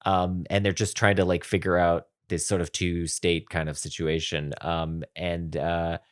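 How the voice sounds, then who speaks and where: A man co-hosting a podcast in casual chat, often pausing and restarting his sentences. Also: sits low, level tone, clear, resonant tone. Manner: halting, lots of ums and restarts. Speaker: podcast co-host.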